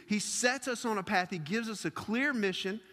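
A man, a youth pastor, preaching a sermon and telling a personal story in a conversational, animated way. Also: sits high, normal speed, in a large hall.

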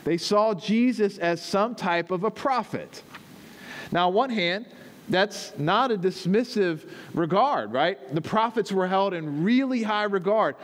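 A man's voice: high voice, lively intonation, measured pace. A man, the pastor, preaching a teaching sermon, explaining step by step and checking in with his listeners as he goes.

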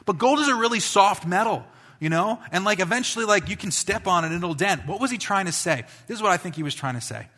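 A male pastor giving a conversational sermon, building to emphatic peaks and dropping to quiet asides. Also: high-pitched, lively intonation, fast talker.

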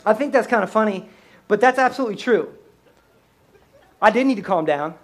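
A man who is a pastor, telling a comedic story in a sermon in a high-strung, animated way. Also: fairly quick.

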